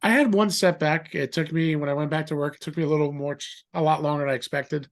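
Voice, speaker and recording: A middle-aged man telling a story in a rambling, animated way, acting out the voices of others. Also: a little high, fast. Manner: animated, acts out quoted voices; rambling with fillers and restarts. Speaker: guest. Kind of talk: casual storytelling.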